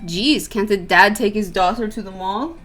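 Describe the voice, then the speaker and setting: A woman voicing a gentle, joking widowed father with a put-on Persian accent, earnest and plain-spoken. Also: mid-range voice, moderate pace, soft background music, natural voice. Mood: fatherly.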